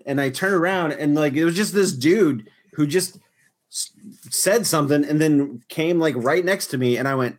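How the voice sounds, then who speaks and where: A young man with a slightly higher voice tells a story in a loose, rambling way. He keeps stopping to restart his sentences and piles on filler words, in easy podcast chat. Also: normal speed. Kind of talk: casual chat.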